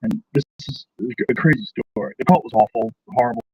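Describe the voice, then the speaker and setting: A man's voice: mid-range voice, quick pace, a little mellow, recorded from a distance, poor audio. A man in casual conversation telling a story and asking thoughtful questions. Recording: voice a bit off-mic, faint noise.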